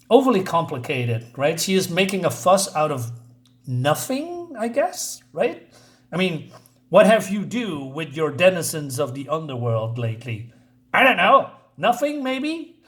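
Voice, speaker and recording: A man talks through a comic book review in a loose, casual way, often hesitating with fillers and side remarks. His voice sits somewhat high for a man. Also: big pitch swings, unhurried, a bit bright.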